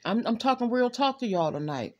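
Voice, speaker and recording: A woman doing a relaxed tarot reading from her home. She talks candidly and chattily to her viewers, with frank asides. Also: fairly high pitch, fairly quick, highs cut off. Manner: candid, chatty, breaks off to scold her pet and laughs. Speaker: tarot card reader. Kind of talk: casual tarot reading livestream.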